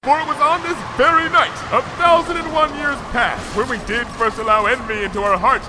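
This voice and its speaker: A man's voice: very high voice, fairly even intonation, noisy background, voice pushed up. A man voicing a regal female pony princess who speaks in formal, old-fashioned phrases, recorded dry and close. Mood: grandiose. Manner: formal old-fashioned speech, then brisk and chatty.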